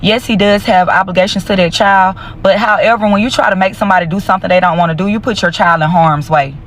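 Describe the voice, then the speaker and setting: A blunt commentator who curses freely in casual slang. The voice is mid-pitched, with faint noise behind it. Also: fairly even intonation, quick pace, fairly bright tone. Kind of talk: commentary video.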